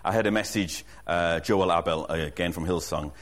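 Earnest low-voiced male pastor preaching. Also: moderate pace. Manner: earnest, emphatic, repeats key lines; frequent restarts and self-corrections. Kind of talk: sermon to a congregation.

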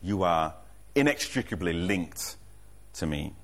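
A man's voice: low voice, lively intonation, measured pace, fairly bright tone. A man preaching a sermon as pastor, earnest and emphatic, repeating his key lines and often restarting a phrase mid-thought. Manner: frequent restarts and self-corrections. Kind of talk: sermon to a congregation.

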